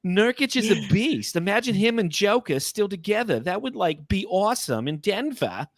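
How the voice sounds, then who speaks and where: A brash old New York lady with a mocking, profane bite and a thick put-on New York accent, done by a man. The voice sits up high and swoops around. It is recorded dry and close. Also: big pitch swings, normal speed, no echo. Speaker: podcast host. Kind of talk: reading comments in a mock accent.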